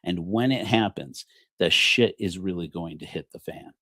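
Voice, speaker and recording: A man's voice: low-pitched, normal speed, pushed and bright, slightly rough, dry recording. A man preaching a comedic, rambling sermon on a livestream, joking and self-deprecating. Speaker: preacher of a parody church.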